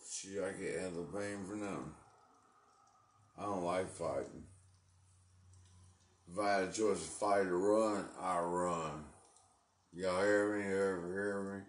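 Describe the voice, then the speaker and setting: A man's voice: low-pitched, echoey room. A man talking live from his home into a phone, agitated and cursing as he rambles. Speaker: livestreamer. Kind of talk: live-stream rant. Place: at home indoors.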